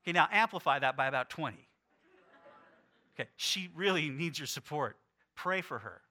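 Middle-aged guy preaching, high lively voice that jumps all over, playful. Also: moderate pace. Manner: animated, playful, acts out quotes. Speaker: pastor. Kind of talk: sermon.

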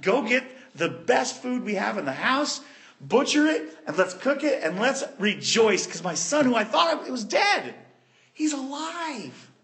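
A man doing a jubilant father calling for a feast, his voice swooping high and low with delight. He sounds lofty and exuberant, forgiving at every turn, a story figure told from a pulpit. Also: very animated, unhurried, fairly bright tone, exaggerated voice. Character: joyful forgiving father welcoming his son home.

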